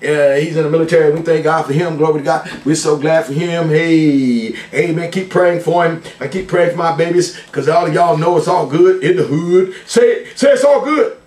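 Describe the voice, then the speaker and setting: A man's voice: on the high side, fairly even intonation, normal speed, few pauses, a little mellow. An older man, a pastor, greeting his family and viewers in a playful, folksy way, peppering his talk with "glory to God" and "amen". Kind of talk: church service shout-outs. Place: church sanctuary. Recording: echoey church sound from a distance.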